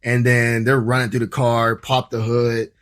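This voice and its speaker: A man from Ohio telling a story as a podcast guest, casual and animated, swearing freely and acting out his own reactions. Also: mid-range voice, moderate pace. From Ohio, USA.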